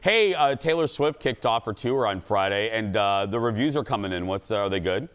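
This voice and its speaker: A man's voice: lowish voice, smooth. A man hosting a talk show, chatting and joking with his co-host. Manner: animated, jokey, quick to laugh. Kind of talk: lively studio chat.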